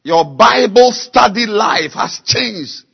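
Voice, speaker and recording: A man preaching a sermon, slow and emphatic, repeating key words and building to loud exhortation. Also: high voice, expressive, gravelly, breathy edge, highs cut off. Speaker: pastor.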